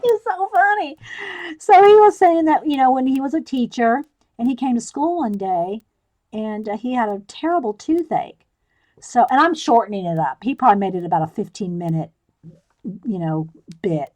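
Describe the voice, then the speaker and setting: A woman's voice: a little high, lively intonation, moderate pace, a little mellow. A woman in her sixties hosting a live stream, chatting and laughing casually while she colors and reads the live chat aloud.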